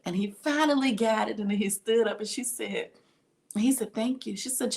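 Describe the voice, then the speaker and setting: A middle-aged woman teacher talks straight to her viewers in a casual daily vlog. She is animated and laughs often. She slips into the voices of the people in her stories as she tells them. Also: mid-range voice, moderate pace. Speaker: education vlogger and teacher.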